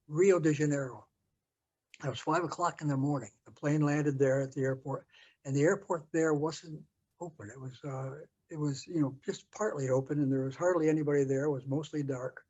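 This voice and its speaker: An older American man telling a story from his past in an interview, halting with many fillers and restarts. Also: on the high side, a little mellow, lo-fi sound. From United States. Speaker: interview guest. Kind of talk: storytelling recollection.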